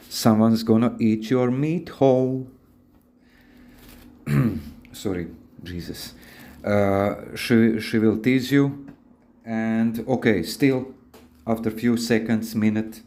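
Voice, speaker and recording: A man's voice: on the low side, warm tone. A man hosting a podcast, giving advice in a rambling, casual, instructive monologue with frequent restarts. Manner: rambling, repeats words and restarts often.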